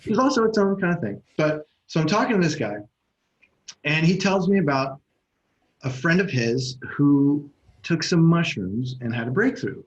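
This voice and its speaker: A man co-hosting a podcast as an NLP coach, telling stories in a loose, animated way and swearing freely. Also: on the high side, moderate pace. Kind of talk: casual conversation. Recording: slightly dull, muffled sound.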